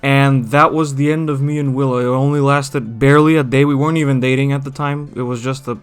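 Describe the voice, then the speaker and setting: A man's voice: medium pitch, steady tone, fairly quick, clean tone, soft background music. Young man telling a casual story. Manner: chatty, with many fillers and self-corrections. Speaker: storytime vlogger. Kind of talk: casual storytelling over gameplay.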